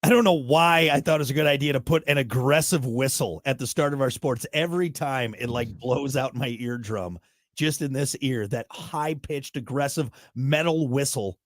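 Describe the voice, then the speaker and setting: A man's voice: medium pitch, normal speed, no echo, clean studio sound. A man co-hosting a casual morning show, joking and rambling through sports news. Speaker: radio show co-host.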